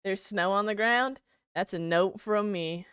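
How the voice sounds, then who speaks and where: A woman's voice: mid-range voice, unhurried, a bit bright, clean tone, no room sound, studio quality. A young woman streamer chatting casually with her viewers while gaming, reading their messages aloud and swearing freely.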